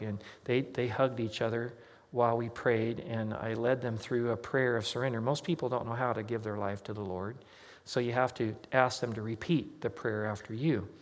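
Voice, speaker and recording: A male pastor preaching a sermon, telling a personal story in a conversational way and acting out the dialogue. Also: medium pitch. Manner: conversational, anecdotal, acts out quoted dialogue. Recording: long hall reverb.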